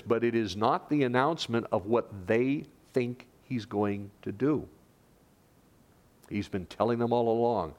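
A pastor gives a lively sermon in an unhurried, mid-range voice, swelling loud on quoted lines and sinking to a hush elsewhere.

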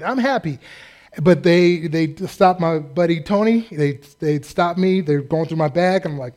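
High-voiced animated male preacher. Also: unhurried. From United States. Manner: animated, joking asides and acted-out quotes. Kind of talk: humorous sermon.

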